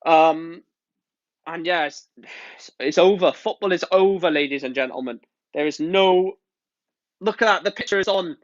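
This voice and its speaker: A man's voice: a little high, moderate pace, long pauses, no room sound. A man live-streaming, ranting about football in an angry, exasperated way and swearing often. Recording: dull, lo-fi stream audio.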